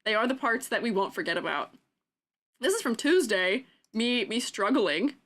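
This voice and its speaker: A woman's voice: a little high, expressive, moderate pace, a bit bright. A young adult woman streaming, chatting casually and giggling with her viewers. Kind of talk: casual chat.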